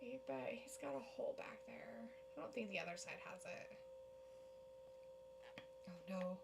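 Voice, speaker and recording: A woman's voice: mid-range voice, lively intonation, normal speed, vocal fry, noisy background. A woman co-hosting a casual live watch-along of a wrestling show, reacting, laughing and reading chat comments aloud.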